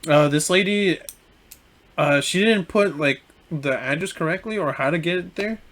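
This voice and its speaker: A young man co-hosting a podcast, telling a story in a relaxed way with many fillers and restarts. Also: fairly high pitch, moderate pace. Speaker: podcast co-host. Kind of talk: casual storytelling chat.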